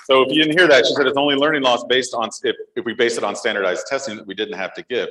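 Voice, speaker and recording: A man's voice: mid-range voice, fairly even intonation, fast talker, bright, forceful tone, slight background noise. Playful man co-hosting a live podcast. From Texas. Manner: playful, jokey, laughs often. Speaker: podcast co-host. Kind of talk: live podcast chat with audience. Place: conference hall stage. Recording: echoey hall with crowd mic.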